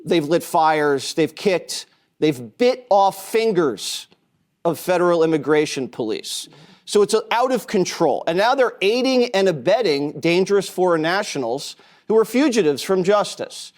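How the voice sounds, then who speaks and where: Man, TV news commentator, blunt, declarative, slightly high voice. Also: lively intonation, measured pace.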